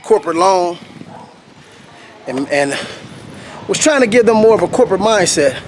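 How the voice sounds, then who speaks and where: Guy vlogging while walking uphill outdoors, kinda high voice, a little out of breath, laughs a lot, faint cars going by. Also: moderate pace, noisy background. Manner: animated, laughs often, acts out what people said. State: slightly out of breath. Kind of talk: casual storytelling monologue.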